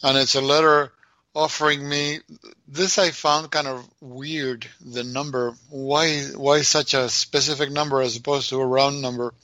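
A man co-hosting a casual podcast chat, halting and repeating words, asking wry questions. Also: mid-range voice, little pitch movement, bright, forceful tone, dry recording. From Minnesota, United States. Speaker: podcast co-host.

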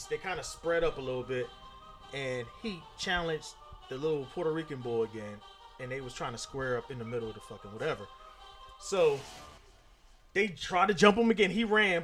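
A man telling a profane, animated story to friends, acting out the voices of people in it. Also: fairly high pitch, fairly quick, soft background music. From Philadelphia. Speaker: storyteller guest. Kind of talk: casual storytelling among friends.

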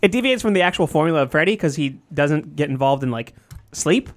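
Dude with a high voice going all over the place, swears a lot, argues hard. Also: male voice, expressive, fairly quick. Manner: emphatic, swears freely. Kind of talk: casual chat.

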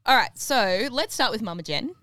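A woman's voice: on the high side, lively intonation, moderate pace, bright, forceful tone, no room sound. A young woman co-hosting a podcast, telling stories in a giggly, chatty way. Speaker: podcast co-host. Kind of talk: casual chat.

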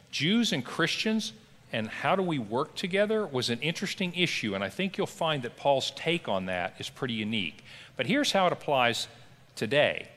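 A man's voice: medium pitch, pushed and bright, in a large hall. A middle-aged man, a pastor teaching a Bible class in a conversational, emphatic way. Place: church classroom.

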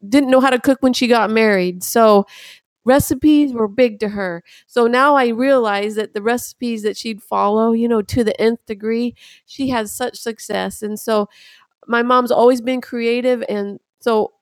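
A woman in her sixties with a slightly higher voice tells a podcast about her early baking days. She wanders through her story with restarts and fond laughter, and the sound is dry and close. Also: fairly even intonation, unhurried, dry recording. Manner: rambling with restarts, laughing fondly. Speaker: guest mother. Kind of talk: casual storytelling.

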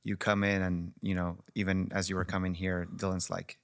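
A man's voice: sits low, completely flat delivery, normal speed, no room sound. A man hosting a faith podcast and asking thoughtful, affirming interview questions. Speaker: podcast host.

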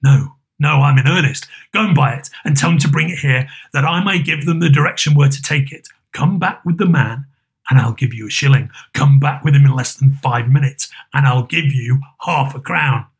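Old storybook miser, gruff and emphatic, dropping lower as a male reader plays him. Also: normal speed. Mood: gleeful. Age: older. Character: reformed old miser, gruff but gleeful.

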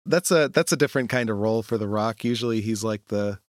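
A man's voice: lowish voice, fast, no room sound, studio quality. A man in casual conversation, easygoing and asking short follow-up questions. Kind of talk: casual chat.

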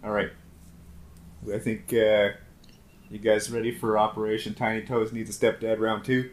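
A man's voice: lowish voice, flat delivery, normal speed, reverberant. A man playing a tabletop game with friends, joking and playful. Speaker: player. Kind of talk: casual chat.

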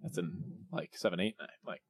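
A man co-hosting a podcast in relaxed casual banter, easily amused. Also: deep voice, fairly quick, no room sound. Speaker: podcast co-host.

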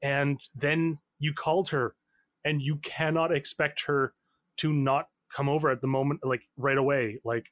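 A man's voice: medium pitch, fairly even intonation, normal speed, dry recording. A man narrating as game master in a loose style with many fillers. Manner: loose, filler-heavy, laughs often.

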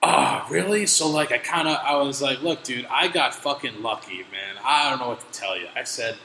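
A man hosting a casual podcast, telling stories in animated, profane rants with an exasperated edge. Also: mid-range voice, normal speed, vocal fry. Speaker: podcast host. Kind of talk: casual chat, storytelling. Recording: echoey room with faint noise.

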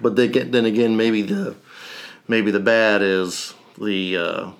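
A man from Indiana answers casually, working out his thoughts as he speaks. His voice sits on the low side. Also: fairly even intonation, a little slow. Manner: thinking aloud, casual.

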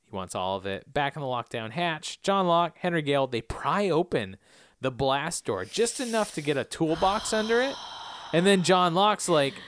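A man's voice: on the high side, moderate pace, no echo. A man co-hosting a podcast, recapping a TV episode in jokey, punning chat. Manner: jokey, punning, animated storytelling. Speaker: podcast co-host.

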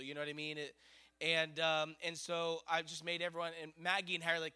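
A middle-aged man preaching, telling a story in an animated, excitable way. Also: on the high side, quick pace, clean tone. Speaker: pastor. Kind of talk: sermon storytelling.

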